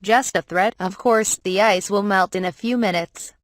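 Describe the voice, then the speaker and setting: A calm, stern twelve-year-old boy apothecary speaks from the pages of a storybook, as a woman reads him. The voice sits in a middle pitch and stays even. The sound is close and dry. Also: normal speed, no echo, lightly acted. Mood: calm, firm.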